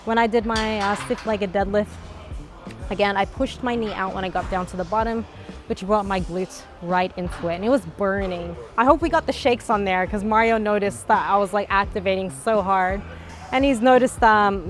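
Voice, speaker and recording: Breathless woman coaching a workout. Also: medium pitch. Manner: talkative, with many "like" fillers. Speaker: fitness vlogger. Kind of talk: casual workout instruction. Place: gym. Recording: faint background music.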